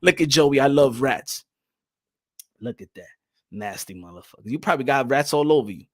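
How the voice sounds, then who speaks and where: A man telling casual stories on a boxing podcast, animated and profane, laughing often. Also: medium pitch, normal speed. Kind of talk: casual storytelling chat.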